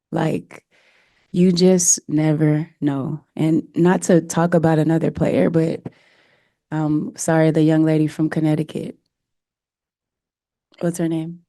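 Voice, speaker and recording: A woman's voice: low voice, vocal fry, warm tone, no echo, clean studio sound. A woman head coach answering press questions earnestly and emotionally, with many fillers.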